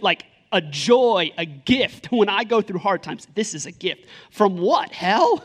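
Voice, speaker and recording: A man in his thirties, a pastor preaching a sermon in a lively, conversational way, full of rhetorical questions. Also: very high voice.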